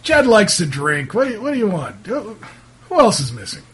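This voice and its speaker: A man's voice: high voice, wildly swooping pitch, fairly quick, fairly bright tone, slightly rough, voice pushed up, heavily acted. A man voicing a grumpy rural drinker who brushes off questions defensively. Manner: defensive, exasperated.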